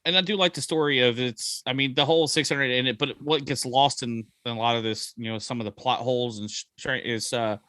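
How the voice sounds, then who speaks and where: A man's voice: mid-range voice, fairly even intonation, brisk, few pauses, pushed and bright, dry recording. Rambling man in his forties. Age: 40s. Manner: rambling, jokey, many ums and uhs. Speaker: podcast co-host. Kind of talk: casual movie review chat.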